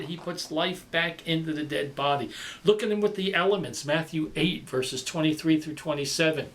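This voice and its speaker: A man's voice: fairly high pitch, normal speed, slight background noise. Male preacher with dramatic delivery. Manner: dramatic, swings between loud emphasis and quiet. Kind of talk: sermon.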